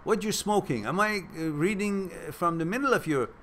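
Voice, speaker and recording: A man with a high-pitched, fairly bright voice hosts a casual live-stream Q&A at normal speed, with slight background noise. He answers viewer questions, laughs often, teases viewers and thinks aloud with fillers and restarts.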